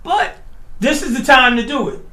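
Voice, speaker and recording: A man's voice: very high-pitched, very animated, moderate pace, bright, forceful tone, roomy sound. A man co-hosting a radio talk show, bantering and teasing with a laugh in his voice. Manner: laughing, teasing, talks over others. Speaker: radio co-host.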